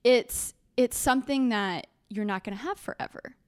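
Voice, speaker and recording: A woman's voice: fairly high pitch, moderate pace, smooth, no echo, clean studio sound. A woman hosting an interview, asking encouraging follow-up questions in a reflective, conversational way.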